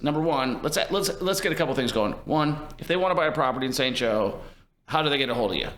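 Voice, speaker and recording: A man hosting a podcast, asking questions and pitching his program in an upbeat, emphatic, salesy way. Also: brisk, fairly bright tone. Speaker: podcast host, real estate investor. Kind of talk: interview host and sponsor-style pitch.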